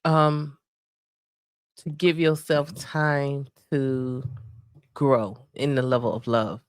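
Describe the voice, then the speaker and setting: Soft-spoken reflective woman podcaster. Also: very deep voice, fairly even intonation, slow, dry recording, studio quality. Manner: soft, reflective, many fillers. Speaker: podcast co-host. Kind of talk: casual faith-based chat about marriage.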